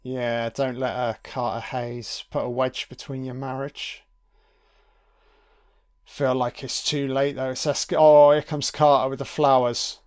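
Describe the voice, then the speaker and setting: A man talking through a film in a loose, sweary, wry way. He takes his time, with plenty of pauses. His voice sits mid-range and sounds clear and smooth. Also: mid-range voice, level tone, a little mellow. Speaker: film commentator. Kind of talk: casual audio commentary over a film.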